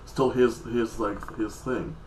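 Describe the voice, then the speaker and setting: A man's voice: fairly low pitch, steady tone, slow pace, darkish tone, reverberant, slight background noise, poor audio. A man casually recapping a TV episode in a rambling, loose way, with heavy use of filler words. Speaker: TV episode reviewer.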